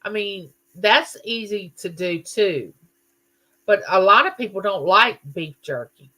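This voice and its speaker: A woman's voice: mid-range voice, lively intonation, a little slow, pushed and bright. A middle-aged woman, hosting a livestream in a chatty, folksy way and reading viewer comments aloud. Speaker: livestream host. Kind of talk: casual live chat reading viewer comments.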